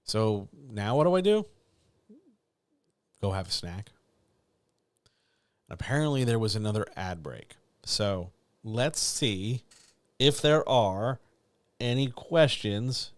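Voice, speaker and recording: A man's voice: fairly low pitch, big pitch swings, takes it slowly, long pauses, dry recording. A middle-aged man, a writing coach, talking candidly and ramblingly to viewers in a casual live chat. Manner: candid, rambling, self-deprecating.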